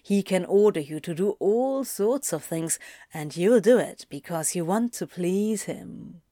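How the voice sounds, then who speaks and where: A woman voicing a cocky, teasing adult male demon in a slow audiobook reading, sly and coarse-mouthed. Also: on the low side, animated, mellow, no echo, studio quality. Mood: purring. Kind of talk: audiobook reading of fan fiction.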